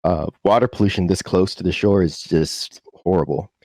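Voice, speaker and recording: A man's voice: deep voice, moderate pace, a little mellow, dry recording. A man running a tabletop game, narrating casually with frequent fillers. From United States. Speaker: game master.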